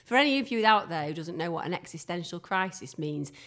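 A middle-aged woman hosting a casual podcast from her kitchen, talking in a chatty, expressive, rambling way. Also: fairly low pitch, fairly quick. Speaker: podcast host. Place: home kitchen.

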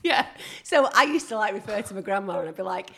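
A woman with a medium-pitched voice and vocal fry talks quickly in casual chat, with crowd noise around her. An animated, chatty storyteller, she shares family stories and keeps digressing.

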